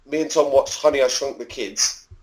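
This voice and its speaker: A man's voice: medium pitch, normal speed, low-quality recording. A man in his thirties, a podcast guest who tells a long story in a chatty way, swears freely and acts out the voices of other people. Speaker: podcast guest, former backyard wrestler. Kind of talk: casual storytelling interview.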